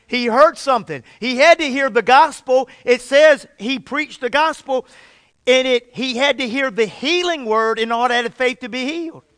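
A man preaching a sermon with fervent emphasis. He often restarts and repeats phrases, and he draws out key words slowly. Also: very high-pitched, fairly bright tone, clean tone, no echo, clean studio sound.

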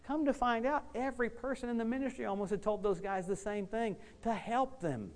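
A man preaching a sermon, telling stories in a folksy, animated way, often repeating words as he gets excited. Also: very high voice, a little fast. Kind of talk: storytelling sermon.

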